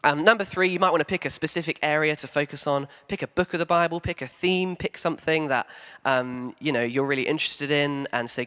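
A man as a pastor giving a sermon in a church hall, talking conversationally with frequent ums and animated emphasis. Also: medium pitch, a little fast, few pauses, smooth.

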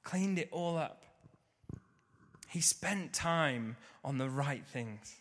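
A man telling a personal story vividly, swinging between loud bursts and hushed moments. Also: fairly high pitch, expressive, slow pace. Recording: long reverb of a large hall.

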